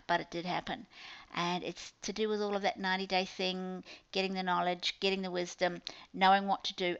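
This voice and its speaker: A woman's voice: medium pitch, gravelly, fairly bright tone, muffled recording. Chatty New Zealand woman coach. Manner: chatty, upbeat sales patter with playful asides. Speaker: business coach. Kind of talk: promotional talk to clients.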